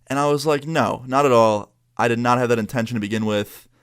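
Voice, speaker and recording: A young man from New York tells a story to his viewers in a casual, chatty way. He acts out what the other people in the story said. His pitch sits in the middle for a man. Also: fairly quick, clear, resonant tone. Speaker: YouTuber.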